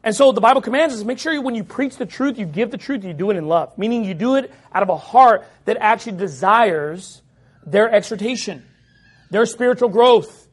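A man with a very high speaking voice delivers a sermon. He preaches forcefully, raising his voice, and mimics his critics with mocking tones. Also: brisk, husky. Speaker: pastor.

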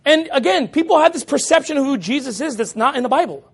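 A man with a very high speaking voice delivers a sermon. He preaches forcefully, raising his voice, and mimics his critics with mocking tones. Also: expressive, fast. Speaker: pastor.

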